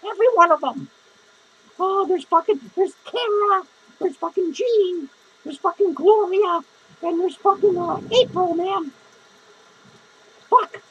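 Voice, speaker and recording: A man's voice: very high voice, a little slow, pauses often, a bit bright, highs cut off. A man playing a foul-mouthed, drunk, lonely female clown who rambles, curses constantly and grumbles through a comic podcast monologue. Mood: cranky. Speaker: podcast host character. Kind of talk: improvised comedy monologue.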